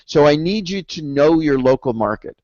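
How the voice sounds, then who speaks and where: A man giving a real estate sales training webinar in an energetic, persuasive style, with stories along the way. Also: on the high side, moderate pace, no echo. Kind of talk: webinar lecture. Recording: dull dry webinar audio.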